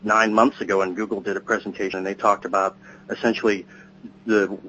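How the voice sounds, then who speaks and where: A man's voice: on the low side, flat delivery, fairly quick, fairly bright tone. A man co-hosting a podcast, chatting casually and telling long rambling stories. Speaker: podcast co-host. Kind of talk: casual chat. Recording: dull lo-fi sound with faint hum.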